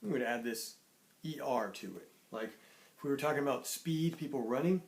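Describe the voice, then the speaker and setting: A man teaching young children in an online lesson, cheerful and patient, slowly sounding out words. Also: medium pitch. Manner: cheerful, sings a greeting song, slow clear sounding out of words.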